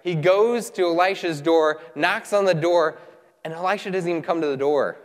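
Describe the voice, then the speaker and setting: Male preacher, fairly high voice, lively sermon delivery, long hall echo. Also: normal speed. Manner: animated, voices the characters while retelling. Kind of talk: sermon with scripture reading.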